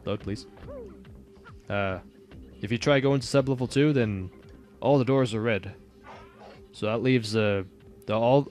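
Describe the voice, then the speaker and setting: A man giving casual, rambling commentary on a video game playthrough. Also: fairly low pitch. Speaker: gameplay commentator. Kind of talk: let's play commentary.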